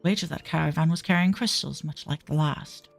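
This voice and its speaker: Woman doing a gruff low-voiced man. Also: brisk, faint music behind. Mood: grim. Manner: low, grim muttering.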